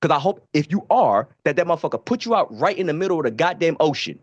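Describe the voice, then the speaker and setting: Profane, animated man telling stories. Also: a little high, fast talker, no room sound, lo-fi sound. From Baltimore, USA. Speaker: podcast co-host. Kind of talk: casual storytelling.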